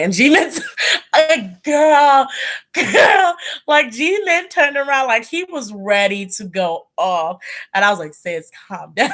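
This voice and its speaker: Chatty animated woman livestream host. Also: mid-range voice. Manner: animated, laughing, chatty storytelling. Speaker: tarot channel host. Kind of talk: casual livestream chat.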